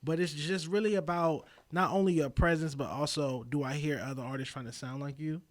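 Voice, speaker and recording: A man, a podcast guest talking in a casual, thoughtful way with many pauses and fillers. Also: on the high side, steady tone. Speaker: podcast guest, magazine founder. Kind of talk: casual interview chat.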